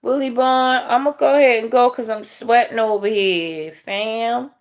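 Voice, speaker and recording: Middle-aged woman, livestream host, slow easygoing chat, frequent chuckles. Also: a little high. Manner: laid-back, drawn-out delivery, chuckling while reading chat. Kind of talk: casual livestream chat with viewers.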